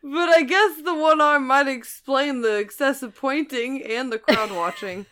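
A woman's voice: sits high, measured pace, fairly bright tone. A woman in her thirties, co-hosting a casual storytelling chat, who often laughs as she tells her own stories. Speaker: storyteller and co-host.

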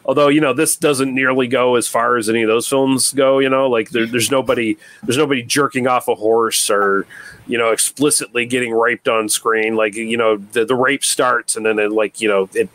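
A man's voice: medium pitch, steady tone, normal speed, fairly bright tone. A man co-hosting a film review podcast, rambling in a laid-back way and swearing freely. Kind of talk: casual chat.

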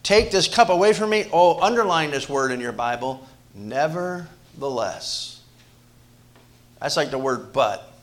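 A man preaching a sermon to his church, moving between loud emphasis and hushed asides, often repeating words and restarting phrases. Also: on the high side, fairly even intonation, normal speed. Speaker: pastor.

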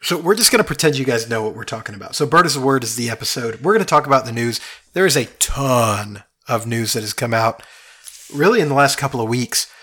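Husky guy hosting a podcast, chatty, keeps restarting sentences. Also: mid-range voice, lively intonation, quick pace, sharp tone. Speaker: podcast co-host. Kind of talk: casual podcast chat.

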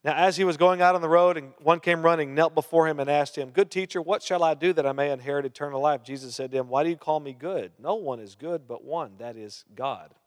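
A man preaches a sermon, reading Bible verses aloud and stopping to quiz and joke with the congregation. His voice sits on the high side for a man. It rings out with the long reverb of a big hall. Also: fast talker, few pauses. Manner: reads scripture, then asks the crowd questions and jokes. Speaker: pastor.

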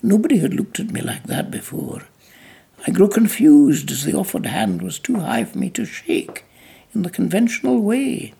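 A narrator reading a novel aloud in measured storytelling, with small slips and restarts, in a gravelly, husky voice. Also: mid-range voice, animated, warm tone. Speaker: audiobook narrator.

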